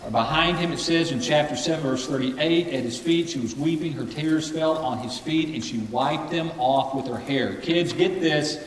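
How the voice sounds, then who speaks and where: A man's voice: a little high, normal speed, hardly any pauses, distant mic, slight background noise. A man preaching a sermon, who calls on the congregation to repeat phrases back to him. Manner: leads call-and-response with the congregation. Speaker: pastor. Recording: echoey hall from afar.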